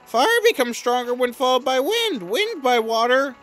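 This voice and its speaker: A woman's voice: high voice, sing-song, normal speed, voice pushed up. A woman voicing a chirpy, upbeat tutorial guide who explains things in a sing-song way. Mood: cheerful.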